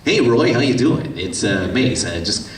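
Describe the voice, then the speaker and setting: A man voicing a cheerful, doting soldier father who talks fast and excitedly, with his pitch jumping up as he gushes. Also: slight background noise, close to an everyday voice. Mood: gushing. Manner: gushing, rapid and excitable. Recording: echoey hall from far off, crowd.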